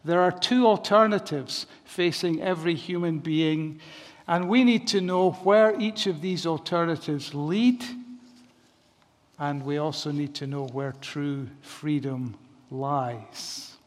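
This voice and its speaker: A man preaching a sermon, reasoning through his points in a measured way with some restarts. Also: on the high side. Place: church. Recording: long reverb of a church hall.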